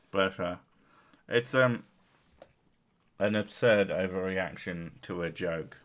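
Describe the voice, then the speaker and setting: Brief: male podcast host, very low voice, dry teasing banter. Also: extremely slow, a bit bright. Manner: dry, teasing, mock-exasperated. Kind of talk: casual chat.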